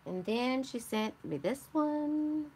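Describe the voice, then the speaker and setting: A woman's voice: high voice, animated, slow pace, darkish tone, a little hiss or hum. A woman with a Michigan accent hosting a casual live stream, rambling and chatty as she greets viewers and answers their comments. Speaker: craft channel host.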